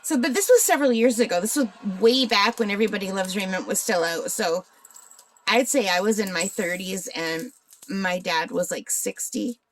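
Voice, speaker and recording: A woman's voice: medium pitch, normal speed, a little hiss or hum. A woman in her forties from northern Ontario, Canada, chatting casually and rambling while she works on a craft. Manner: chatty, rambling, asks viewers questions. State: hiccups. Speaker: crafting channel host.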